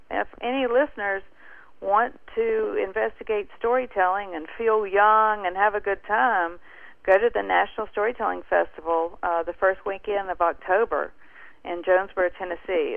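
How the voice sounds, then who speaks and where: A woman telling a story as a guest in an animated, casual way over a phone line. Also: lowish voice, vocal fry, no room sound.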